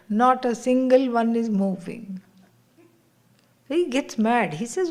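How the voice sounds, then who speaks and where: A woman spiritual teacher giving a scripture class, unhurried and laughing often as she tells stories. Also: fairly high pitch, expressive, darkish tone.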